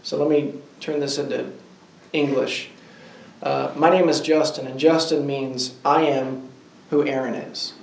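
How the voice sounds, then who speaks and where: A man leading a small group Bible study, asking the group questions and slowing down to stress key words. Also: medium pitch, gravelly, recorded from a distance, a little hiss or hum. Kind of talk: interactive Bible class teaching. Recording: roomy echo, voice from off-mic.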